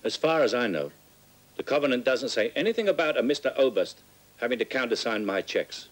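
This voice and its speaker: An actor playing an indignant, exasperated architect. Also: male voice, mid-range voice, very animated, brisk, lightly acted. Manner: indignant, raising his voice. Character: exasperated, defensive middle-aged architect. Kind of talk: feature film dialogue.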